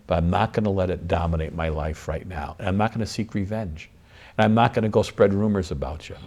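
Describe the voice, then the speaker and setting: Low-voiced male priest, guest spot, earnest, repetitive preacherly cadence. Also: fairly quick, darkish tone. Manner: earnest, preacherly, builds emphasis through repetition. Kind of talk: interview talk about forgiveness.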